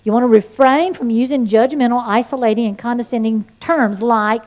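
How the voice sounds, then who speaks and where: A woman teaching an evangelism class, mixing sermon-style instruction with her own life story in a folksy, animated way. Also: a little high, brisk. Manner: folksy and animated, with playful asides and shifts of tone. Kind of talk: sermon-like teaching with personal testimony.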